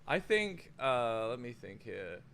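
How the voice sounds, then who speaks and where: A man, a guest in a casual live-stream interview, talking in halting bursts with restarts and casual swearing. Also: mid-range voice, big pitch swings, gravelly, a bit bright. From United Kingdom. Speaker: guest, former streaming platform engineer.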